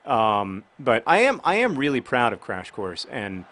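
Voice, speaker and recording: A man giving casual commentary over a football video game, rambling and joking, with sudden bursts of excited shouting. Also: mid-range voice, a little slow.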